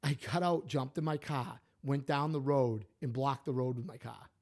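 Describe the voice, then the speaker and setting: A man, co-hosting a podcast, telling stories and opinions in an animated, emphatic way. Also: medium pitch, normal speed. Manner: animated, emphatic, repeats himself. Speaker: podcast co-host. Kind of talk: casual opinionated storytelling.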